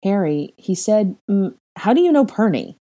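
A woman's voice: mid-range voice, big pitch swings, moderate pace, dark tone, pitched above the performer's own voice, close to an everyday voice. A woman reading a sour, defensive young male aristocrat who talks in a curt, snapping way.

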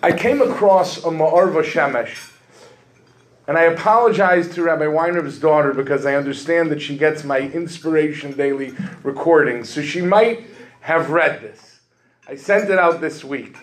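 A middle-aged man, a rabbi, telling a funny story in an animated way as he opens a sermon. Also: a little high, normal speed, low-quality recording. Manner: humorous, animated storytelling with rising emphasis. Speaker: rabbi giving a drasha.

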